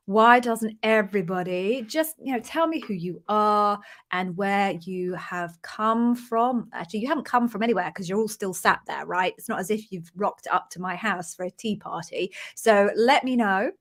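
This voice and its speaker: A woman's voice: medium pitch, moderate pace. An Englishwoman with an English accent hosting a casual livestream from home, chatty and self-deprecating with jokey asides. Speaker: livestream host, interview coach. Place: home near London.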